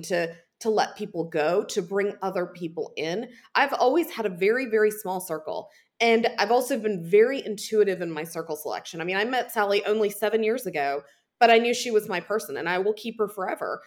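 A middle-aged woman, a podcast guest, speaking candidly and reflectively. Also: medium pitch. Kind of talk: casual podcast interview.

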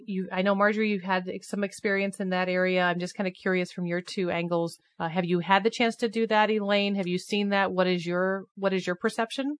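A woman hosting a casual panel discussion, chatty and animated, often laughing as she tells stories. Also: mid-range voice. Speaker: host.

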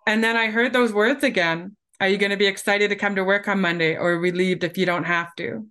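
A woman's voice: medium pitch, fairly even intonation, a little fast, sharp tone. A woman in her forties, a keynote speaker and podcast guest, telling her life story animatedly and acting out the dialogue.

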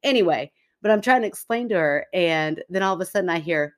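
A woman co-hosting a podcast, telling an animated story in casual chat and laughing often. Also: on the low side, quick pace, few pauses. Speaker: podcast co-host.

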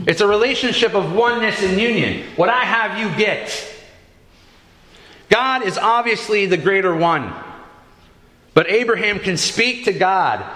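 A man preaching a sermon, telling stories with dramatic pauses. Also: high-pitched, bright, forceful tone, echoey room. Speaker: pastor.

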